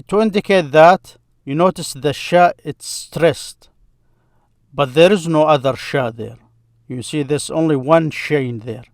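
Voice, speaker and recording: Slow, patient male teacher. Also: fairly high pitch, dry recording, clean studio sound. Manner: slow and patient, repeats words to model pronunciation. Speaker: Arabic teacher. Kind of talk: screen-share grammar lesson.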